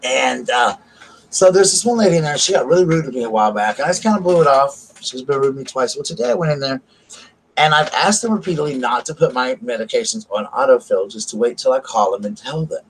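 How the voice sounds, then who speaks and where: A man's voice: mid-range voice, expressive, fast, a little hiss or hum, rough recording. A man with a Southern American accent chatting casually to camera, rambling and repeating himself as he retells an argument. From United States. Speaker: vlogger. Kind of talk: casual storytelling chat to camera.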